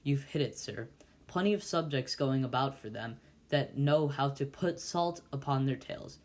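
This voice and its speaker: A pompous older uncle holding forth at dinner, read by a man in his own mid-pitched voice. He lectures and scolds in a bossy, self-important way, as in a storybook read aloud. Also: normal speed, close to an everyday voice. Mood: lecturing.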